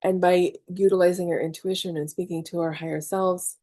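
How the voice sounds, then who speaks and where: Her voice is lowish and mellow with a steady tone, and she talks briskly. The middle-aged woman runs a casual online spiritual class, chatty and confessional, swearing freely and acting out her panics, in a dry recording.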